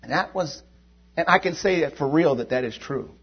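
Man preaching, husky, fairly high voice, emphatic and repetitive, dull lo-fi sound. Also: expressive, moderate pace. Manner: emphatic, repetitive, swings between loud and quiet. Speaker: lay preacher. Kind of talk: sermon.

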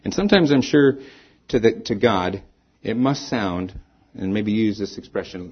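Man preaching a sermon, husky, muffled. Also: on the low side, lively intonation, normal speed. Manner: dynamic preaching, rising then falling away to soft endings. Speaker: pastor. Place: church.

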